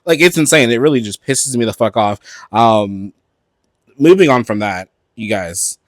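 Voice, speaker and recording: A man's voice: mid-range voice, normal speed, dry recording, studio quality. Chatty, profane man dishing gossip. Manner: animated, gossipy and profane, with frequent fillers. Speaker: podcast host. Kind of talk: casual pop-culture commentary. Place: at home in front of a closet.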